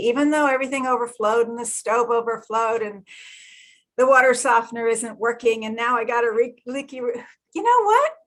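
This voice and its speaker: A woman energy healer leading a group session, telling lively stories, acting out the voices she quotes and laughing often, then guiding breathing. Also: a little high. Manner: animated storyteller who acts out quoted voices and laughs often. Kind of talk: casual group talk with guided breathing.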